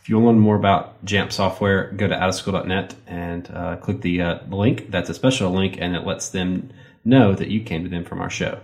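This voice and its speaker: A man with a Southern American accent, co-hosting a podcast in a relaxed, rambling way with many fillers. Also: deep voice, a little fast. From Southern United States. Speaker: podcast co-host. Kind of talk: casual podcast chat with sponsor reads.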